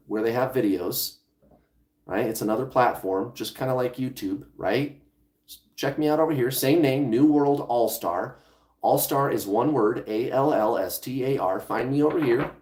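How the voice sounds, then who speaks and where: A man's voice: medium pitch, a little mellow. A man talking as a law of attraction coach in a casual vlog monologue, conversational, restarting phrases and swearing now and then. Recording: echoey room.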